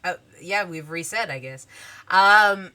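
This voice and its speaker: A woman running a tabletop game, her voice bright and clear. She talks slowly and casually, with lots of fillers, and describes scenes in a relaxed way. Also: lowish voice. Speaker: game master.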